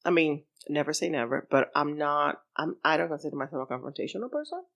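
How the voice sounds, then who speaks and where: A woman's voice: deep voice, lively intonation, quick pace, gravelly, fairly bright tone, highs cut off. A woman co-hosting a casual podcast chat, switching mid-sentence between English and Spanish and laughing often. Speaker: podcast co-host.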